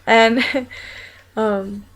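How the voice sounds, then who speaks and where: Young woman, slightly high pitch, rambling and chatty personal vlog monologue full of fillers. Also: level tone, extremely slow, low-quality recording. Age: young adult. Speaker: vlogger.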